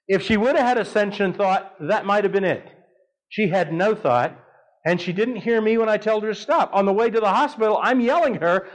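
A middle-aged man with a notably high voice, preaching from the pulpit. He tells his story with animation and humor, leaping up in pitch when the telling turns dramatic. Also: animated, fairly quick, poor audio. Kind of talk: sermon storytelling.

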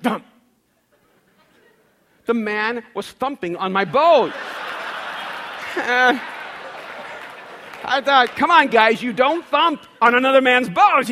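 A man telling stories in a sermon, acting out dialogue with lots of energy and repeating words as he starts sentences. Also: sits high. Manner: animated storyteller, acts out dialogue. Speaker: speaker. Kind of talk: storytelling sermon.

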